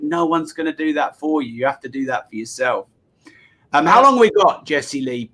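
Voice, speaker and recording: Bright-voiced man, earnest. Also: on the high side, expressive, normal speed. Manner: earnest, repetitive, sermon-like emphasis. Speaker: podcast guest. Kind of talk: motivational business chat.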